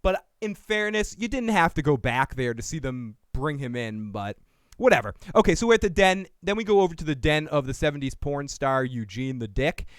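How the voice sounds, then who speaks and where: A man hosting a casual recap chat, his voice a touch high and very clean. He laughs often and reads viewer comments aloud. The sound is dry and close. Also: expressive, normal speed, clear, resonant tone, dry recording. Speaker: podcast host.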